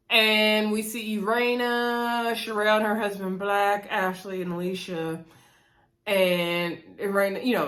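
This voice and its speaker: Woman reviewer, chatty recap vlog, talks to viewers like friends, medium voice. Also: mid-range voice. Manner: chatty, addresses viewers as y'all, laughs often.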